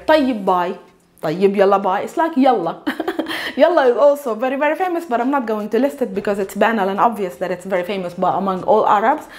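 Lively high-voiced woman teaching. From Palestine. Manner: lively, repeats words slowly for learners, checks in with "yeah?". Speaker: Arabic teacher. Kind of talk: language lesson.

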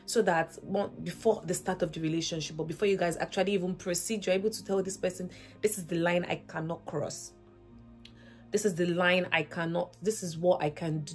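A woman's voice: on the low side, darkish tone. A woman vlogger giving faith-based relationship advice, earnest and emphatic, repeating her points as rhetorical questions.

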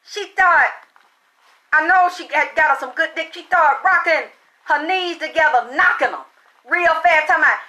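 A middle-aged woman with a high, sharp, bright voice tells a crude story about her son. She talks bluntly and heatedly, and now and then her voice jumps into shouting. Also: normal speed, a little hiss or hum. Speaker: mother telling a story. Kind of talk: profane storytelling.

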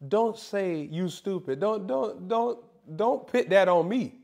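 A man's voice: high voice, takes it slowly, creaky, a little mellow. A man preaching a sermon in a comedic, playful way, teasing and mock-scolding his listeners.

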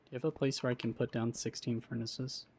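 A man's voice: mid-range voice, little pitch movement, fast talker, vocal fry. A man streaming a modded block-building game, chatting casually with wry, profane self-deprecation. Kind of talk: casual gaming chat. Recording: loud background noise on stream audio.

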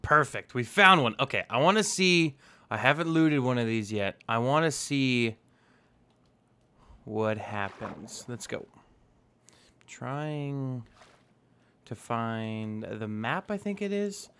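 A man's voice: medium pitch, animated, slow pace, long pauses, bright, forceful tone, clear, resonant tone. A young man hosting a casual gameplay video, chatting playfully and talking to the animals in the game. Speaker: let's play host.

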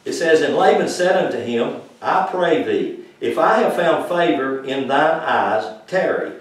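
A man's voice: on the high side, animated, measured pace. A man preaching a Bible-teaching sermon, emphatic and questioning his congregation directly. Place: congregation room. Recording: very echoey room from far off.

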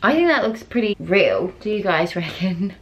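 A woman's voice: mid-range voice, sing-song, normal speed, a little hiss or hum. A young Australian woman chatting casually to camera in a bubbly, giggly way from a small indoor room. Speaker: vlogger. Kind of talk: casual vlog chat.

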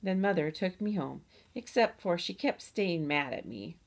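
A woman reading a storybook aloud in the voice of a chatty, boastful kindergarten girl who tells her own story with lively, childlike grammar. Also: lowish voice, normal speed, creaky. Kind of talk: audiobook reading.

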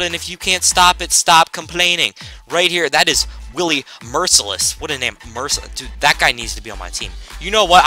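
A teenage boy hosts his own gameplay video, rambling and jumping between topics with sudden excited shouts. His voice sits a little high, very bright and swings widely in pitch. Faint game music plays behind him. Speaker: gaming video host. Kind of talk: casual gameplay commentary.

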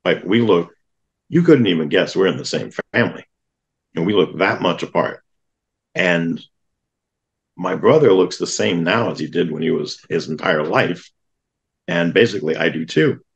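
A man, a guest on an interview podcast, telling a personal story with lively acted-out quotes of other people. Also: deep voice, moderate pace, creaky, long pauses, highs cut off. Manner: animated storyteller who acts out quoted voices.

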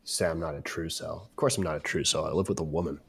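A man's voice: extremely low pitch, fairly even intonation, quick pace, fairly bright tone, slightly rough. A man joining a live stream voice chat, talking in a brash, crude, mock-macho joking way. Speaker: voice chat guest.

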